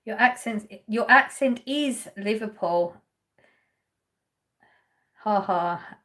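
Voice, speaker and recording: A woman from Essex, England, hosts a casual livestream, speaking slowly in a medium-pitched, fairly bright voice. She reads viewer comments aloud, laughs often and tends to trail off mid-sentence.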